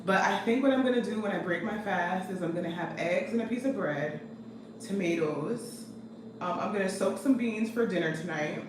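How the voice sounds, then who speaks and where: A young woman chatting away casually to her viewers, lively and talkative. She sits a little away from the mic in a roomy, echoing space. Steady background noise runs under her voice. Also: medium pitch, normal speed. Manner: chatty, animated, reading comments aloud. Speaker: vlogger. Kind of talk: casual vlog chat. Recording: echoey room from a distance with noise.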